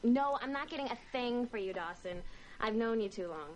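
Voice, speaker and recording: A woman's voice: fairly high pitch, expressive, normal speed, a little mellow, lo-fi sound, a little hiss or hum, close to an everyday voice. An actress playing a blunt, guarded teenage girl in a TV teen drama, speaking in a matter-of-fact, defensive way. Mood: earnest.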